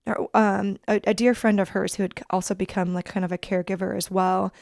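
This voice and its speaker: A woman in her thirties, a podcast guest telling a personal story in an earnest, reflective, halting way. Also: mid-range voice, flat delivery, gravelly, darkish tone, dry recording, studio quality. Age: 30s.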